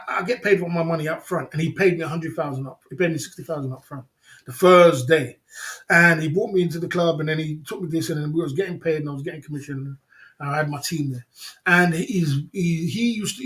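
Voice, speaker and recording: A man's voice: fairly high pitch, brisk, a bit bright. A man hosting a livestream, telling rambling stories with many repeats and laughs. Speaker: livestream host. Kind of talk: casual storytelling.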